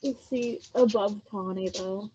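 A woman's voice: mid-range voice, steady tone, measured pace, mellow, slight background noise. A woman co-hosting a podcast in casual chat, playful and easygoing. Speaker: podcast co-host. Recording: slightly muffled podcast audio.

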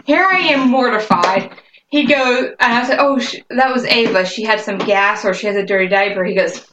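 A woman's voice: on the high side, normal speed, lo-fi sound. A young woman telling a funny personal story in casual chat, acting out what people said, on a laptop mic at home. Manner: laughing anecdotes, acts out quotes. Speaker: guest, co-host's partner. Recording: roomy laptop mic with faint noise.

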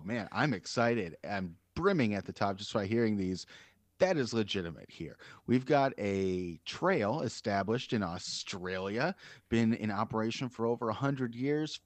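Lively man co-hosting a casual podcast. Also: on the low side, dry recording. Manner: lively, playful delivery. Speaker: co-host.

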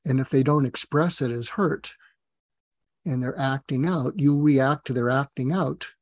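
An earnest man tells a long story on a podcast, voicing each person in the dialogue as he goes. His voice sits at a medium pitch. The sound is dry and close, with almost no room. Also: a little slow, darkish tone, dry recording. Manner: earnest, speaks in long anecdotes with quoted dialogue. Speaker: guest psychiatrist and author. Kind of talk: reflective storytelling.

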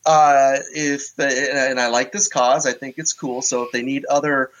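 A man appearing as a podcast guest, speaking in a hesitant way with halting restarts. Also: medium pitch, little pitch movement, a bit bright, low-quality recording. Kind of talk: casual podcast chat.

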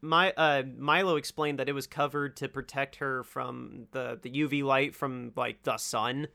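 Bright-voiced, eager man discussing a film. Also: mid-range voice, fairly even intonation, a little slow, gravelly. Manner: enthusiastic, laughs often. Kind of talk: casual movie review chat.

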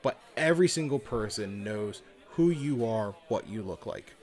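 A man's voice: on the low side, lively intonation, normal speed, darkish tone. Man explaining things in loose, sweary chat. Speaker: podcast co-host. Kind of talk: casual chat about tabletop games.

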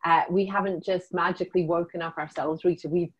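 A woman's voice: fairly low pitch, fairly even intonation, a little fast, breathy edge, muffled recording. A woman with a mixed South African and Scottish accent, hosting an interview in an upbeat, effusive way. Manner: upbeat, effusive, with warm praise. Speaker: interview host. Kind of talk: casual interview chat.

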